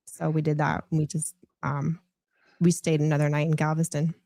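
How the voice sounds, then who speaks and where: A woman's voice: deep voice, fairly even intonation, a little fast, vocal fry, no room sound. A woman guest on a podcast, telling a long story in a rambling, casual way and laughing often. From United States.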